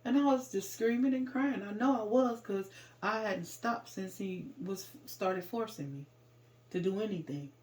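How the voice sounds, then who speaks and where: Speaking at an unhurried pace with a medium-pitched voice, a woman recounts a hurtful episode from her own life. Her informal, plain telling is raw with emotion, rising to loud outbursts at the hardest moments.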